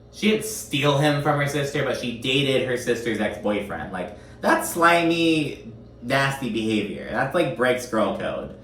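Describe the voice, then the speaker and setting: A man's voice: mid-range voice, a bit bright, roomy sound, far from the mic, a little hiss or hum. A man giving a casual recap commentary, swearing often in a sassy, exasperated rant. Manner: profane, sassy, exasperated ranting.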